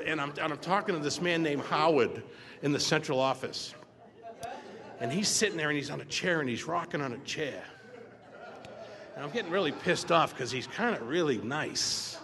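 An older man telling his personal story to a recovery meeting, animated and repeating phrases for emphasis. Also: on the high side. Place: meeting hall. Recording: roomy hall reverb, faint background ambience.

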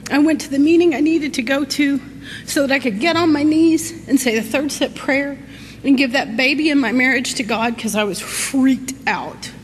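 Woman, middle-aged, high voice, telling her recovery story in an echoey hall, faint hiss. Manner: folksy, animated, laughs through her story. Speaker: recovery meeting speaker. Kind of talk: personal recovery talk.

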